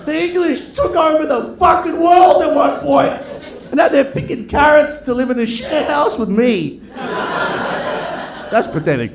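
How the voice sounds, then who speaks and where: Stand-up comic from Melbourne, male, high voice, swears a lot and ribs the crowd; live club recording with an echoey room and loud audience. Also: expressive, unhurried. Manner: crude, sweary banter with the crowd. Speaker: stand-up comedian. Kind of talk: stand-up comedy set.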